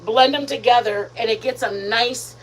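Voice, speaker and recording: Woman, home cooking livestream host, rambling chatty delivery, slightly high voice, faint background noise. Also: steady tone, moderate pace, fairly bright tone, low-quality recording. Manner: chatty, rambling, addresses viewers as "you guys". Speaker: host of a live cooking stream. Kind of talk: casual live-stream chat while cooking. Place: home kitchen.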